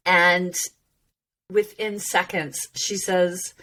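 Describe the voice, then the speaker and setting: A woman hosting a podcast, talking in an animated, expressive way in a casual monologue and laughing often. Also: mid-range voice, a little slow. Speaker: host teaching about voice and emotion.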